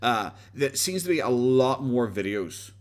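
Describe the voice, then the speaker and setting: A man's voice: mid-range voice, lively intonation, measured pace. An Irish man hosting a casual commentary livestream, rambling sarcastically with frequent stumbles and restarts. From Ireland. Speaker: livestream host.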